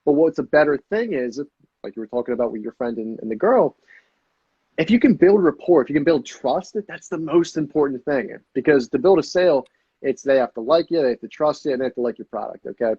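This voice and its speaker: A man chatting as a podcast guest, energetic and swearing freely, often acting out sales calls. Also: medium pitch, a little fast, slightly rough, no room sound, highs cut off. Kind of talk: casual podcast chat.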